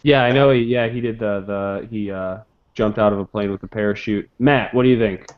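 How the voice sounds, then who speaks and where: A man's voice: lowish voice, fairly quick, highs cut off. A man hosting a casual live game show, joking and keeping score as he calls on each player.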